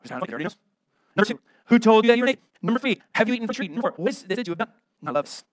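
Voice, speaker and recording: A middle-aged American pastor preaching a sermon, emphatic and full of rhetorical questions. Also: male voice, high-pitched, animated, rapid-fire, no echo.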